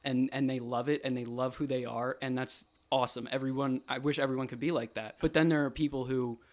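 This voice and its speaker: A man's voice: medium pitch, little pitch movement, a little fast. A young man talking as a podcast guest in a studio, earnest and thoughtful, working his ideas out as he goes. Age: young adult. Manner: thoughtful, earnest, a bit rambling. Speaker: podcast guest, college athlete. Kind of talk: casual podcast chat.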